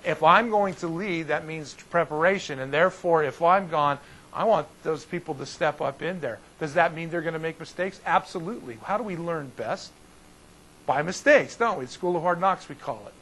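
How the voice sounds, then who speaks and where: A man teaching as a pastor in an informal Bible study, talking in a folksy, animated way and often restarting his sentences. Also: fairly high pitch, moderate pace, breathy edge, rough recording.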